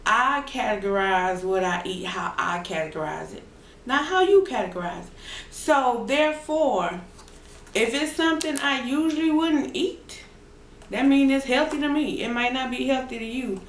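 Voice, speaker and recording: A woman's voice: a little high, moderate pace, reverberant, slight background noise. A woman vlogger chatting casually to her viewers in a playful, sing-song way, laughing often. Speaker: mukbang vlogger. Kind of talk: casual chat to camera. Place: at home.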